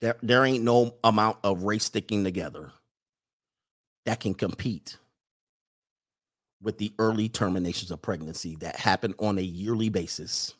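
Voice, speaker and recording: A man hosting a casual livestream, reading viewer messages aloud and answering in an animated, joking way. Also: fairly low pitch, brisk. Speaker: livestream host reading super chats.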